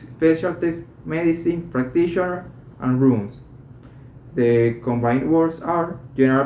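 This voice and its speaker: A man reading medical English textbook exercises aloud, carefully and with a few slips and restarts. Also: fairly high pitch. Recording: echoey room, dull lo-fi sound, faint noise.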